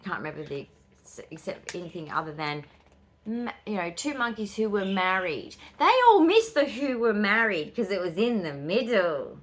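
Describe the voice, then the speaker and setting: A woman in her fifties with an Australian accent, chatting casually in a vlog and telling stories with quick, excitable asides. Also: mid-range voice. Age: 50s. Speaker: vlogger. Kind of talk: casual chat.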